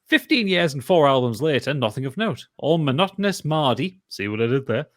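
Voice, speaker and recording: A man with a Northumbrian accent co-hosting a casual podcast, halting and restarting as he reads out listener posts. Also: mid-range voice, very animated, a bit bright, dry recording, clean studio sound. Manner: halting, with frequent restarts when reading aloud.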